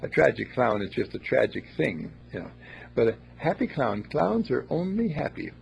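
Raspy man, playful and rambling, lively pitch, lo-fi recording. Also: normal speed. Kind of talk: casual storytelling talk.

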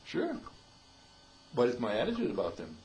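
Over poor audio, a school dean gives a folksy inspirational talk at a moderate pace in a mid-range voice. He's animated, chuckles often, and mimics the voices of people he quotes.

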